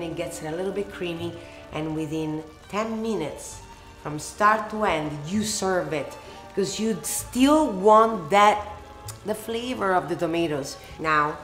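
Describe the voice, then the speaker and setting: Italian woman hosting a cooking lesson. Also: on the low side. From Italy. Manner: expressive and emphatic, lingers on words. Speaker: cooking show host. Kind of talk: casual cooking tutorial with Q&A.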